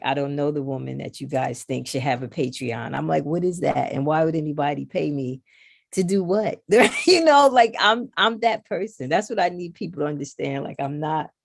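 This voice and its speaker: Middle-aged woman, low and gravelly, animated storyteller, casual podcast guest. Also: no echo, clean studio sound. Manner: animated storyteller who acts out others' lines. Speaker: podcast guest, knitting designer. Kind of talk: casual conversation.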